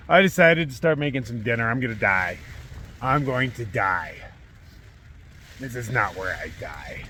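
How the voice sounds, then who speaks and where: Huddled in a small tent, another hiker records a camping vlog on a handheld camera, cold and hungry, with faint wind noise behind him. His mid-pitched voice is bright and forceful, animated at a moderate pace. Still, his mood is weary and fed up, and he swears constantly.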